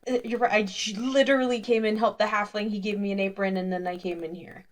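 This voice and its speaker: A woman playing a tabletop game, casual and playful, answering the game master quickly. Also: medium pitch, fairly even intonation. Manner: playful, laughing, quick replies. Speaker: player.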